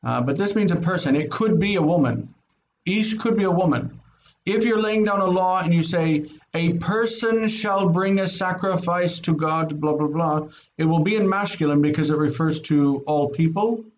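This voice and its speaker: A male Hebrew teacher giving an online grammar lesson, explaining patiently, repeating words and checking understanding with "okay?". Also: a little high. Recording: dull lo-fi sound with faint noise.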